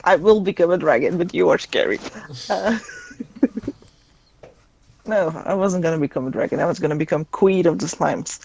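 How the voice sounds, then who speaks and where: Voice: medium pitch, normal speed, vocal fry, long pauses, darkish tone. A young adult guest chatting casually on a stream, playful and laughing often. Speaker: guest player.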